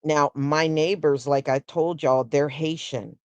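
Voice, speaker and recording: A woman hosting a casual solo livestream, talking in an unhurried, conversational way and answering viewers with "mm-hmm" and "yeah". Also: low voice, fairly even intonation, a little mellow, dry recording, muffled recording. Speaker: host.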